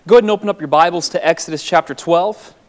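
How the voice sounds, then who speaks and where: A young man preaching a sermon, tired from no sleep and emotional, his voice soft and near tears. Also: fairly high pitch, quick pace. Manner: emotional, voice breaking, soft and tearful.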